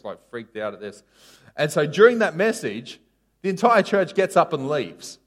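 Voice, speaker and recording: A man preaching a casual sermon, telling a story with sharp rises and drops in his voice. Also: medium pitch. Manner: animated storytelling, voice rising and falling sharply.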